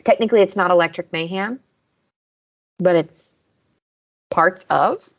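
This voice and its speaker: A woman's voice: lowish voice, measured pace, lo-fi sound. Chatty Southern woman podcast co-host. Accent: Southern American. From American South. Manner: chatty, recaps scenes and acts out quotes with laughs. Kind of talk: casual podcast chat.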